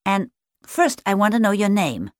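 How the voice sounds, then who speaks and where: A woman's voice: medium pitch, very animated, moderate pace, no room sound, clean studio sound, pitched above the performer's own voice, lightly acted. A curious little girl otter, as a woman storyteller plays her. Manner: full of questions. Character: small young female sea otter, curious.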